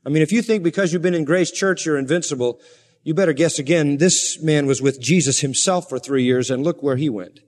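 A man's voice: on the high side, brisk, a little mellow, big-room sound. A man preaching a sermon as pastor, earnest and rising to fervent emphasis.

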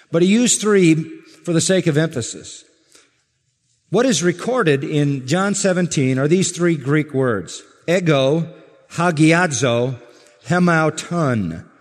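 A man delivers a sermon with a slightly high voice, pressing each point with slow, deliberate emphasis. His words ring out with the long reverb of a large church hall. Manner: measured, emphatic preaching with slow stressed phrases. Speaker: pastor.

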